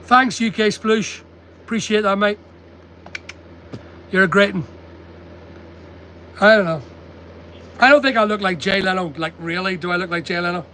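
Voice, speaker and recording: On a low-quality recording with slight background noise, an older man from the UK with a British accent talks bluntly to his livestream viewers from a stock depot packing table. His high, sharp voice moves at a moderate pace with long pauses as he reads out their comments.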